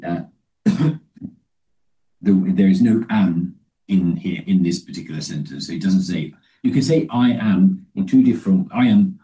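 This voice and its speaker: A man preaching a Bible teaching talk in a low, deep voice. His tone is very dark and mellow, picked up from a little way off the mic. He stops and restarts often, and slows down to read scripture with care. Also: distant mic, low-quality recording. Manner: halting, with many restarts and fillers; reads scripture slowly and deliberately.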